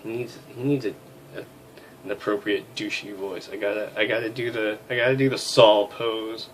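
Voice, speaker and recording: A man's voice: fairly low pitch, fairly even intonation, normal speed, a little hiss or hum. A man hosting a comedic game playthrough, reading characters aloud with crude, self-mocking asides. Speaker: let's play host.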